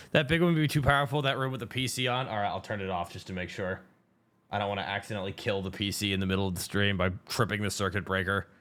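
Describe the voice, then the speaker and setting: A man chatting casually as a co-host on a live stream, relaxed and matter-of-fact. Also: fairly low pitch, quick pace.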